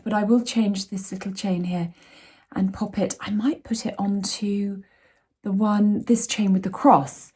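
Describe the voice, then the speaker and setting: A woman vlogging casually at home, gushing and excitable, often dropping into soft whispers. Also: mid-range voice. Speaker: lifestyle vlogger. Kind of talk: casual chat to camera. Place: home indoors.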